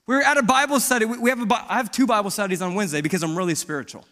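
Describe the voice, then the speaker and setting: A man preaching in a church, his voice a touch higher than most men's and carried by a long hall reverb. He tells his testimony boldly and plainly, like a conversation with the congregation. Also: racing, pushed and bright. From Missouri. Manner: bold, conversational storytelling. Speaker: pastor. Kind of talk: sermon with personal testimony.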